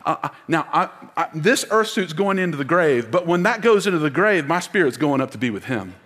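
Speaking a little fast in a high, sing-song, slightly bright voice, a pastor delivers an emphatic sermon and leads his congregation in call-and-response. The church auditorium gives a long hall reverb, and he is wearing a mic.

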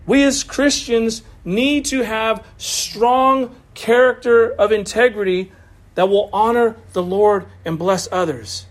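A man's voice: sits high, steady tone, slow pace. A man preaching a sermon in a loose, conversational way, with asides and laughs, over a video call. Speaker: pastor.

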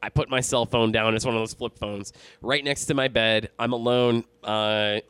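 A man's voice: medium pitch, steady tone, moderate pace, fairly bright tone, clean tone, no echo. A man casually telling a long story in a rambling, profane way, full of fillers and restarts. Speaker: storyteller on a podcast.

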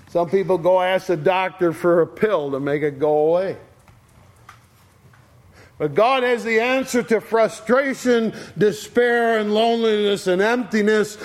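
A man preaching a sermon, slow and deliberate, with long pauses between short phrases. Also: high-pitched.

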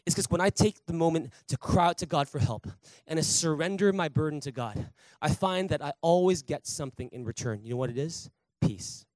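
A middle-aged male pastor preaching a sermon in a church, telling stories with lively acted-out quotes. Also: on the high side, brisk, no room sound, poor audio. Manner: animated storytelling with acted quotes. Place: church sanctuary.

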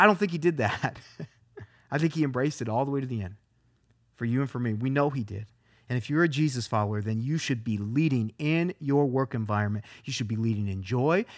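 A man's voice: fairly high pitch, a bit bright, dry recording, studio quality. A man preaching a sermon as a pastor, talking emphatically, repeating phrases and firing off rhetorical questions.

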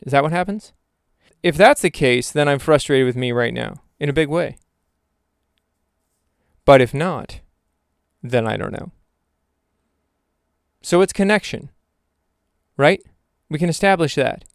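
A man's voice: a little high, expressive, measured pace, vocal fry, pauses often, smooth, no room sound, studio quality. A young man rambling through a reflective vlog monologue, questioning himself aloud with jokey asides. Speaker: vlogger.

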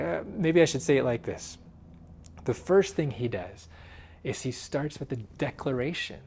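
A man preaching a sermon in an earnest way, swinging from loud emphasis to hushed, quiet phrases. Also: fairly high pitch. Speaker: pastor.

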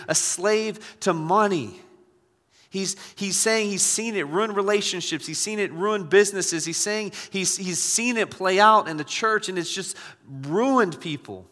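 A man pastor preaching a sermon, repeating key phrases and swinging from hushed asides to loud exhortation. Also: high-pitched. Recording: long church reverb.

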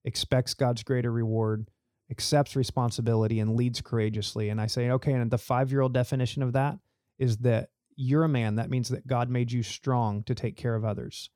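A man's voice: mid-range voice, steady tone, a little fast, a little mellow, no room sound, studio quality. A man talking earnestly as a church youth leader in an interview, telling stories to make his points. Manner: earnest, storytelling. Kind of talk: podcast interview.

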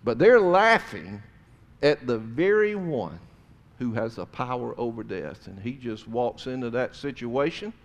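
A man preaching a sermon, swinging between loud emphasis and hushed tones. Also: medium pitch, lively intonation, a little slow.

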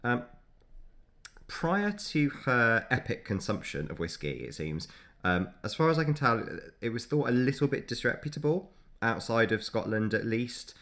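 A man's voice: mid-range voice, lively intonation, moderate pace, fairly bright tone. A man co-hosting a podcast, casually explaining history in a chatty storytelling way. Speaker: podcast co-host.

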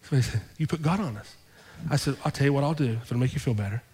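A male pastor telling a story in a sermon, acting out both sides of the conversations with lively shifts in his voice. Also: medium pitch, quick pace, husky. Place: church sanctuary. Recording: long hall reverb.

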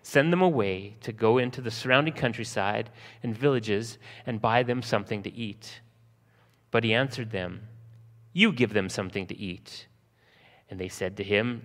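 A man preaching a sermon, slowing for emphasis and acting out scenes from the text in lively voices. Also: lowish voice, in a large hall. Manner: lively storytelling, acting out disciples' panic in a raised voice. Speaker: pastor.

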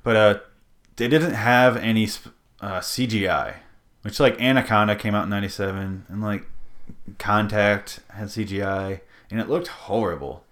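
A man's voice: fairly low pitch, fairly even intonation, normal speed, fairly bright tone. A man hosting a casual movie podcast, rambling and joking, swearing freely. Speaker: podcast host.

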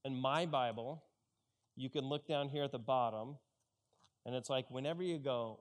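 A man's voice: mid-range voice, normal speed. A man preaching a conversational sermon and acting out the characters' lines as he retells the story. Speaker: pastor.

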